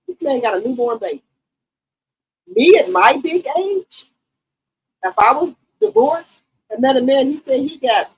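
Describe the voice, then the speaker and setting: A woman in her late forties or fifties hosting a gossip channel, talking to her viewers in an animated, outspoken and profane way. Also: high voice, low-quality recording. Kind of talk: casual commentary to viewers.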